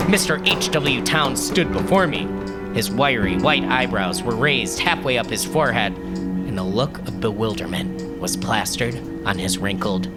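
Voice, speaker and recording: A man reading a first-person story aloud as scripted narration, in an expressive, animated storytelling manner. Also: mid-range voice. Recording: music playing underneath.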